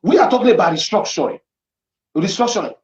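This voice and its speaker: Man, Nigerian accent, political commentary, emphatic and repetitive, lively pitch, echoey dull recording. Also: fast. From Edo State, Nigeria.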